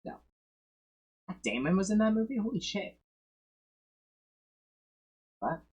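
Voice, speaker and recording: A man streaming and reacting casually, swearing and breaking into loud excited bursts. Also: high voice, slow, breathy edge, lo-fi sound.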